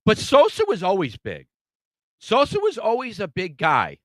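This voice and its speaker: A man talking casually on a sports podcast, quick to agree and steady when he explains a point. His voice runs slightly high and moves around a lot in pitch. The recording is dry and close-miked. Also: dry recording. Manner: agreeable, explanatory, frequent affirmations. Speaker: co-host.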